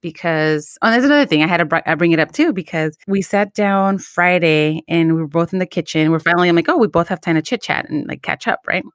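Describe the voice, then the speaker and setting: A woman's voice: lowish voice, quick pace, few pauses, no echo, studio quality. A young adult woman co-hosting a podcast, telling a candid personal story with Spanish phrases and some swearing. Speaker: podcast co-host. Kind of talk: casual chat.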